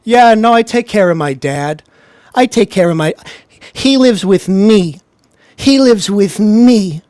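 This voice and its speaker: A whiny, self-pitying grown man, put on by a streamer mocking someone, who drags out his complaints slowly and keeps ending them with "eh?". The voice sits in a dead, dry room with no echo. Every line sounds sorry for itself. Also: high voice, expressive, darkish tone, pitched above the performer's own voice. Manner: whining, ends lines with "eh?".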